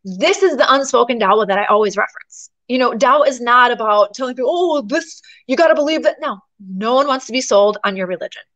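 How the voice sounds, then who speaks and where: A woman tells a personal story as an interview guest, chatty and animated, her talk full of fillers. Her voice sits a little higher than most, and she keeps the pace of relaxed conversation. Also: quick pace, hardly any pauses, muffled recording.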